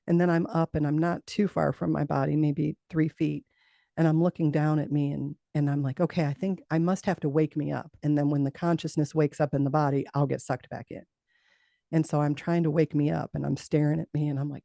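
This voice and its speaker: A middle-aged woman, appearing as an interview guest, tells a personal story from her own life in a mellow, low voice with a steady tone and gravelly fry. She's earnest, laughs often, and trips over repeated words at a normal pace. The sound is close and dry, with no room sound.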